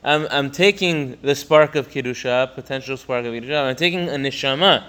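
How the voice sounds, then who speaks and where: Going line by line through a religious text, this Torah teacher often breaks off to start a phrase over and raises his pitch and volume to drive home key points. His voice is a bit bright, and he talks briskly with hardly any pauses.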